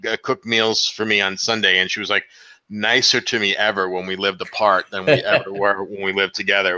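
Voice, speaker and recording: A lower-pitched man with a strikingly bright, forceful tone chats loosely on a podcast and stumbles over his starts. The audio is dull and lo-fi with a very dry sound. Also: clean tone, no room sound. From New York. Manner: halting, restarts often, reminiscing. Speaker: podcast co-host. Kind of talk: casual podcast chat.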